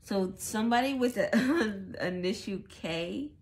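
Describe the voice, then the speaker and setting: A woman giving a casual tarot reading, thinking out loud as she goes. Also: mid-range voice, expressive, takes it slowly. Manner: musing aloud, thinking out loud. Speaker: tarot reader.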